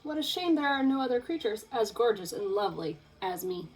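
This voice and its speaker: A woman's voice: a little high, very animated, fairly quick, rough recording. A woman reading aloud from a storybook, voicing a vain female angelfish who speaks in an affected, self-admiring way.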